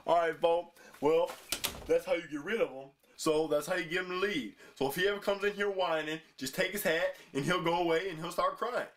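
A man's voice: fairly high pitch, brisk, a bit bright, natural voice. A man voicing a carefree, slangy male dinosaur in a puppet comedy skit, drawling and laid-back. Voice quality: drawling, says "folks" a lot.

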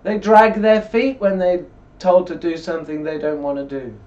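A man's voice: sits high, fairly even intonation, darkish tone. Rambling man, distant and dull. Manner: rambling, conversational, slows down for scripture. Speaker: religious video blogger. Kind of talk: casual commentary and scripture reading. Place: indoors, seated in a chair. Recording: distant mic, dull lo-fi sound.

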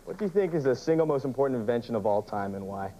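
Quick offhand guy on a dating show, old dull tv tape with a bit of hiss. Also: mid-range voice, sing-song, warm tone. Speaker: game show contestant. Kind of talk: asking quick questions on a TV dating game.

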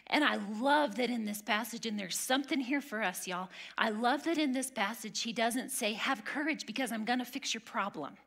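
A woman teaching a women's Bible study, earnest and emphatic, sometimes dropping to a hush. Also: a little high, lively intonation, moderate pace, gravelly. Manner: earnest, emphatic, drops to a hush on key lines.

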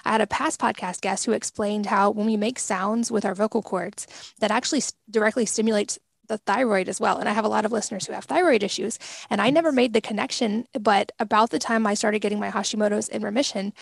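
Fast-talking, gravelly woman host. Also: medium pitch, steady tone, no room sound. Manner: curious, rambling questions. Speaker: podcast host. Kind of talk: casual interview talk.

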